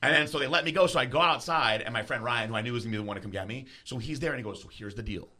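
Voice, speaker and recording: Fast, bright-voiced man telling a wild story. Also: medium pitch. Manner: animated, acts out quoted voices, swears freely. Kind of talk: casual storytelling.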